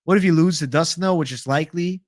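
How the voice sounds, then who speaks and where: A man's voice: on the high side, fast talker, dry recording, studio quality. A young man casually chatting on a livestream, swearing freely and answering viewer comments. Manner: casual, profane, reads viewer comments aloud. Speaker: livestream host.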